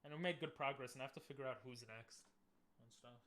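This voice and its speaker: A man's voice: medium pitch, quick pace, a bit bright. A man streaming, chatting casually and easygoingly with his viewers, laughing often.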